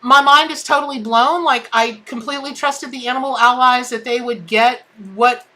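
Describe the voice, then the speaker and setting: A woman's voice: fairly high pitch, steady tone, moderate pace, bright, forceful tone. A woman hosting a live tarot stream, chatting in a bubbly way and greeting viewers by name. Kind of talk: casual live-stream chat.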